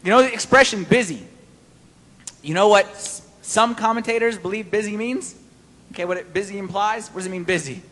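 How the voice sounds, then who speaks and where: A man preaching a sermon-style Bible study, animated and playful, quizzing his listeners. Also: high-pitched, a little fast, in a large hall.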